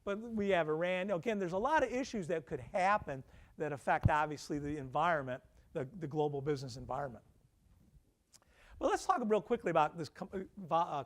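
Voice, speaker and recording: A man, a professor, giving a conversational lecture to alumni, peppering the room with questions and self-deprecating asides. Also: a little high. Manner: conversational, quizzing the audience with questions.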